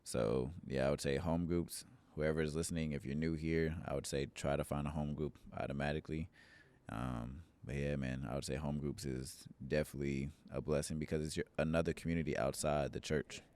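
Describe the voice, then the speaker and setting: A young man telling a personal church story in relaxed, earnest podcast chat. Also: very deep voice, fairly quick. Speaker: church member, podcast guest.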